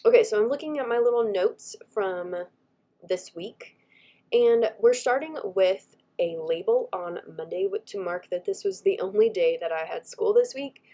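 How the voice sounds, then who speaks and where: A chatty woman with a lilt talks in a mid-pitched voice, gushing over every detail and slipping into soft, half-whispered asides. Her voice carries a slight scratchiness from a lingering cold. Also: moderate pace. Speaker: planner vlogger. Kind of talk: casual chat over a craft video.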